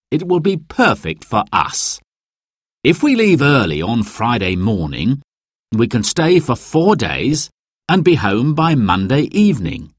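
A friendly, thoughtful father, read by a man in a storybook, talking at an unhurried pace. The voice is dry and close. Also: medium pitch, slightly rough, no echo, heavily acted. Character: cheerful helpful father.

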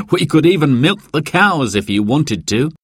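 A friendly, thoughtful father, read by a man in a storybook, talking at an unhurried pace. The voice is dry and close. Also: a little high, very animated, slightly rough, no room sound, voice pushed up, full character voice. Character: cheerful helpful father.

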